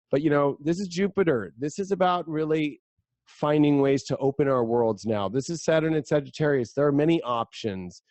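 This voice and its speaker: A man speaking as a guest astrologer in a casual podcast chat, energetic and rambling, now and then slipping into playful voices. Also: on the high side, no room sound.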